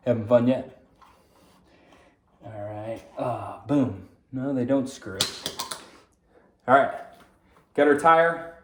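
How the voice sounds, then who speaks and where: A man's voice: medium pitch, slow, long pauses. A man casually talking through a bike assembly, rambling to himself as he works and tossing in jokes. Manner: rambling, talks to himself while working, joking asides. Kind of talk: casual unboxing and assembly walkthrough. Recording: roomy, distant mic, clear background noise.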